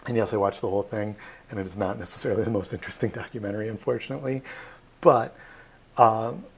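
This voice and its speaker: A man's voice: fairly low pitch, steady tone, quick pace, breathy edge. A man who is a tour guide, giving a chatty, jokey live-stream presentation. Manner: chatty, jokey, uses many fillers.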